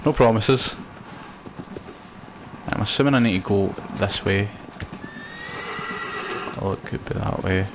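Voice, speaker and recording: A man's voice: lowish voice, slow, creaky, pauses often, background noise. A Scottish man chatting loosely while streaming a video game, rambling with lots of fillers. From Scotland. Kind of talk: casual gameplay commentary.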